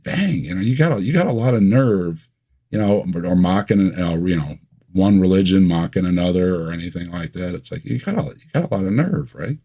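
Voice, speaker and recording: A man's voice: sits low, lively intonation, fairly quick, warm tone, slightly rough. A man talking as a guest in a casual chat. He is easygoing with dry humor and often repeats words as he starts a thought.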